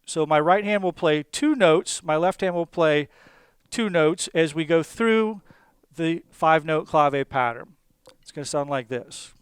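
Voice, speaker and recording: A man teaching a drum lesson, explaining patterns step by step in a calm, methodical way with small fillers. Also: fairly high pitch, a little slow, smooth, no room sound. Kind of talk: instructional explanation.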